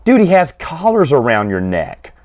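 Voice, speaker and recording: A man giving a casual, rambling solo review of comic books, with frequent restarts and quick snatches of acted dialogue. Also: medium pitch, wildly swooping pitch, a little mellow.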